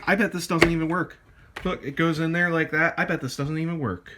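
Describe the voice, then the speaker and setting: A young man ranting in a satirical vlog, mock-outraged, swinging between low mumbles and shouting. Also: steady tone, fairly quick, heavy background noise. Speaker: YouTuber. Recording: music playing underneath.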